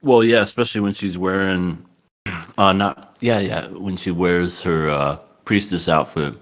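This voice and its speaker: A man co-hosting a podcast in casual chat, laughing often and acting out characters in high squeaky voices. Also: steady tone, measured pace. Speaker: podcast co-host.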